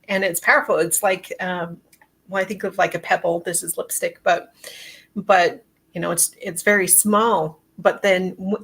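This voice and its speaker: Husky, gravelly-voiced woman host. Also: medium pitch. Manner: affirming, reflective, supportive. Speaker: podcast host. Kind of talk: casual interview conversation.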